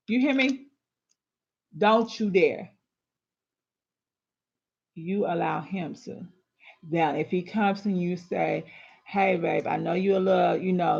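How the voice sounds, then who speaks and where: A woman's voice: lowish voice, creaky. A woman giving casual relationship advice to women, sassy, emphatic and colloquial, scolding her listeners. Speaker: relationship and astrology advice host. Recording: dull lo-fi recording.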